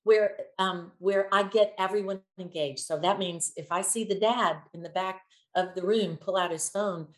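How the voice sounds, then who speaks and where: Animated woman in an echoey room. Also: medium pitch, moderate pace. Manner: animated, acts out quotes with shifting voices. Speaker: children's ministry singer and guest. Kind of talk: conversational interview storytelling.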